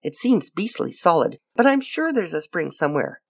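A woman voicing a breezy, playful upper-class English gentleman detective with a clipped, teasing delivery. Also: lowish voice, big pitch swings, normal speed, vocal fry, breathy edge, exaggerated voice.

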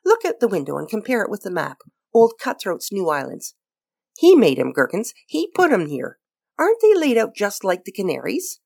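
A woman voicing a breezy, playful upper-class English gentleman detective with a clipped, teasing delivery. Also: mid-range voice, wildly swooping pitch, moderate pace, gravelly, exaggerated voice. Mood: excited.

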